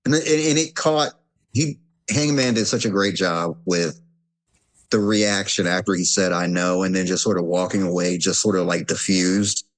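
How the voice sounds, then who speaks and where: Low-voiced, earnest male podcast guest. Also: fairly even intonation, moderate pace. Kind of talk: casual chat.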